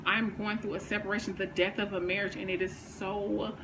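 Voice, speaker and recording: A woman, talking candidly on her vlog, emotional and faith-filled, swinging from hushed to fired up. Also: mid-range voice, level tone, a little fast, background noise. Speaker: vlogger. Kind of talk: candid personal vlog talk.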